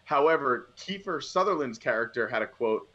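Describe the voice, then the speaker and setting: A man in casual conversation, rambling and animated as he retells scenes from a movie. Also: medium pitch, moderate pace, highs cut off. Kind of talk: casual movie review chat.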